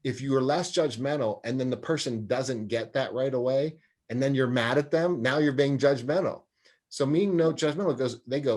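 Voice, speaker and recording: Speaking at a normal speed in a medium-pitched, slightly mellow voice, a man takes part in an interview as a guest. He is a sports psychologist and anger management specialist who talks sincerely and acts out the voices of people he quotes.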